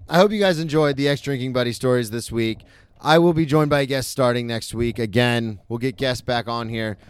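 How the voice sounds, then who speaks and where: A man's voice: mid-range voice, smooth, no room sound, clean studio sound. A comedian from Florida hosting his own podcast, telling a loose, profane story and correcting himself as he goes. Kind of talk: casual storytelling monologue.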